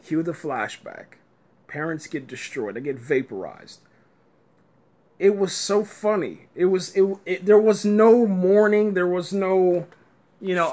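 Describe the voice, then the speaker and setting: A man's voice: sits high, unhurried, a little mellow. A man giving a casual, exasperated review rant, stumbling and repeating words and breaking into laughter. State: tired, early morning.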